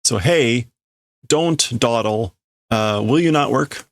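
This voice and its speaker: Slow-talking guy with a gravelly voice, working through translations out loud. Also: medium pitch, no room sound, clean studio sound. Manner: thinks aloud, deliberating over word meanings. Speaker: streamer reading manga aloud. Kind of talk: casual reading and translating aloud.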